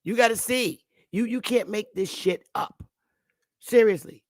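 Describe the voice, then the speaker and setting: A woman's voice: a little high, a little slow, no room sound, studio quality. A woman hosting a live stream, ranting with emphatic, profane talk and repeating the same rhetorical questions. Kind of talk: heated live-stream rant.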